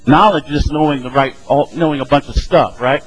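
A man's voice: a little high, a little fast, faint music behind, rough recording. A middle-aged man teaching a casual Bible study, talking conversationally and acting out the voices of the people in his stories. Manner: conversational, acts out quoted voices.

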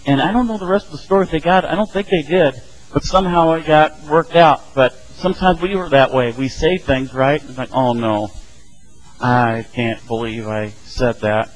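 Heard through poor audio, a middle-aged man with a slightly high voice talks fairly quickly while teaching a casual Bible study. He keeps it conversational, acting out the voices of people in the stories he tells.

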